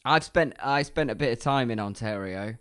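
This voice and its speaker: A man's voice: mid-range voice, animated, moderate pace, a bit bright, clear, resonant tone. A man in his thirties co-hosting a podcast with jokey, sweary banter. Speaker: podcast co-host. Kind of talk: casual podcast chat.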